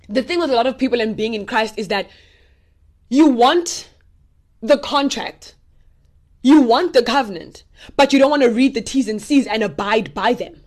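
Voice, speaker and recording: A young woman giving a casual, animated Bible teaching, talking straight to her listeners in a direct, preachy way. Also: high-pitched. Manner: animated, preachy and direct, speaking to viewers as y'all.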